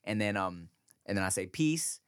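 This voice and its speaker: A man in his thirties, a podcast co-host, telling animated stories about his toddler in casual chat. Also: brisk, no echo, studio quality. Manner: animated storyteller, acts out his toddler in a high voice.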